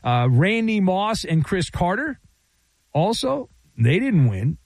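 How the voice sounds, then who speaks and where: A man's voice: high voice, sing-song, slow pace, darkish tone, no echo. A man hosting a sports talk radio show, riffing in a sarcastic, playful monologue.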